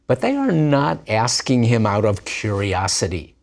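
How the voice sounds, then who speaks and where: A man teaching a grammar lesson in slow, deliberate speech with playful asides. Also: on the low side, wildly swooping pitch, gravelly. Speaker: language teacher. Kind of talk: scripted Hebrew grammar lesson.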